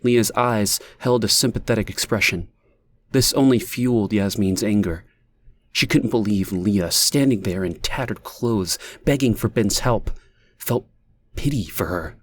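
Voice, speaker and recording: A man reading an audiobook in a measured, even manner, as the narrator. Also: on the low side, slight background noise. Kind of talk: scripted narration.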